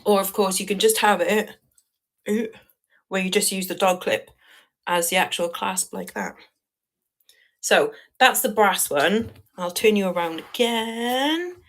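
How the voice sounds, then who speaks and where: A woman's voice: medium pitch, unhurried, long pauses. Chatty Welsh woman selling jewellery live. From Wales. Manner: chatty, laughs often, greets viewers. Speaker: live-stream jewellery seller. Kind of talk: live selling stream chat.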